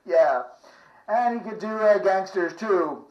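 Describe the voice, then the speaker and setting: A man's voice: high voice, slow pace, a little mellow. A male host who rambles casually and chuckles at his own stories, on an echoey lo-fi recording. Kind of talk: casual show talk with impressions.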